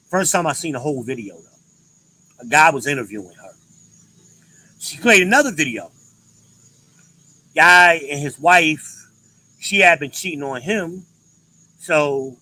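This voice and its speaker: Blunt, profane man ranting with bright tone. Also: on the high side, poor audio. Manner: blunt, profane, emphatic inflections. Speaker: podcast host. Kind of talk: ranting commentary.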